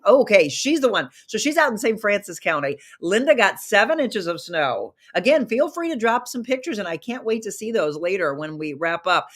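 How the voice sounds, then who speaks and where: A middle-aged woman hosting a live online talk show, chatty and upbeat, greeting viewers by name and reading their comments, her voice a little hoarse from a recent virus. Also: lowish voice.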